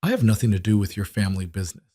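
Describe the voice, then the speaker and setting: A man's voice: on the low side, sing-song, racing, mellow, dry recording. A man voicing an anxious young woman, a nursing assistant, pleading and worried in an audiobook reading.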